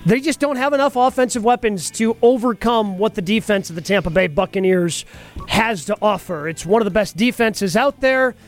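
A man's voice: sits high, normal speed, soft background music. Man arguing as mock prosecutor. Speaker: radio guest playing prosecutor. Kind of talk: mock courtroom closing argument.

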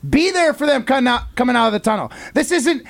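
A man's voice: very high-pitched, animated, fast, vocal fry. A man co-hosting a casual sports talk show, talking emphatically and ranting. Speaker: co-host.

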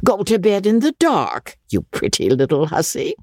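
A reader voicing a coarse, stingy old male baronet who talks roughly and drops his word endings. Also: mid-range voice, wildly swooping pitch, moderate pace, a little mellow, no echo, clean studio sound, voice pushed up. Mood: mocking roar. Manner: rough, drawling speech with dropped endings. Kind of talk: audiobook character voice.

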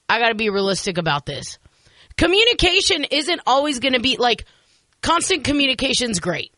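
A woman's voice: high-pitched, bright, forceful tone, no echo. A woman hosting a radio show in casual chat, chatty and self-deprecating, speaking into a studio microphone.

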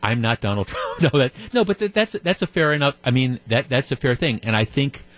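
A man's voice: mid-range voice, animated, fairly quick, a bit bright. A man hosting a talk radio show, talking through his opinions in a conversational way, with frequent restarts and repeated words. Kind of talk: talk radio commentary with callers. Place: radio studio.

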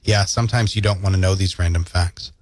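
Into a studio microphone, a low-voiced man speaks fairly fast with fairly even intonation, and the recording is dry. As host of a morning radio show, he jokes around and reads out listener comments and news.

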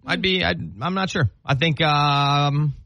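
A man's voice: fairly high pitch, steady tone, a little slow, sharp tone, no echo. A man co-hosting a podcast in casual chat, chatty and thinking aloud with small restarts. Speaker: podcast co-host.

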